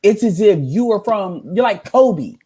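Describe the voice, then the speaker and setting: A man's voice: sits high, expressive, unhurried, dark tone, breathy edge. A man giving casual reaction commentary as a streamer, ranting in a heated, profane way.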